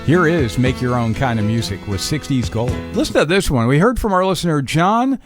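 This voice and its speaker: A man's voice: on the high side, lively intonation, a little fast, music in the background. A man hosting an oldies radio show from a studio, chatting in an upbeat, easily amused way about listener notes and birthdays. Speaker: radio host.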